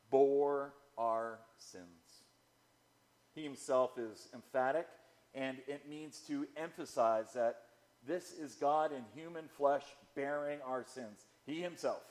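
A man preaching a sermon, slow and emphatic, repeating key phrases for weight. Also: mid-range voice, a little mellow. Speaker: pastor.

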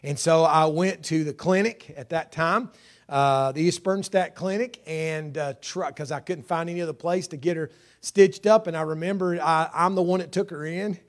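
A middle-aged man preaching a sermon, stretching key words and climbing in pitch to drive points home. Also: moderate pace.

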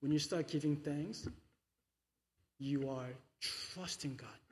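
A man with a high voice preaches a sermon slowly and deliberately, shifting from hushed reflection to loud, fervent declarations. His voice carries through a large church hall with a long, ringing reverb. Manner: swings from quiet musing to loud fervent preaching. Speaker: pastor.

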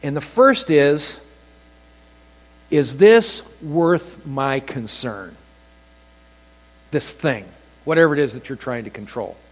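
A man preaching a sermon as pastor, telling stories with animated delivery and acting out quoted voices. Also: a little high, slow pace, long pauses. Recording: long hall reverb.

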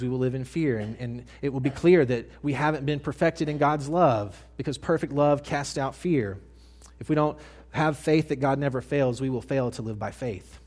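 A male pastor delivering a sermon, telling a story dramatically and swinging between hushed and loud. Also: medium pitch.

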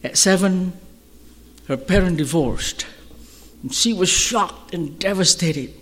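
A man preaching as a pastor, telling stories in an animated way and shouting at the high points. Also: slow pace. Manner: animated storytelling, shouting at peaks. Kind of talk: sermon storytelling. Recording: long hall reverb.

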